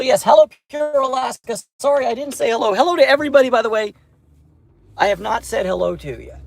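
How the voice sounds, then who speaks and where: A man with a high voice chats loosely to his viewers outdoors, stumbling and restarting as he goes. His pitch swings widely from low mutters to sudden high bursts, and his talk is peppered with mild swearing. The sound comes from a handheld phone. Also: vocal fry. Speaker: vlogger feeding stray cats. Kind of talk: casual live-stream chat. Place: outdoors by his car at night.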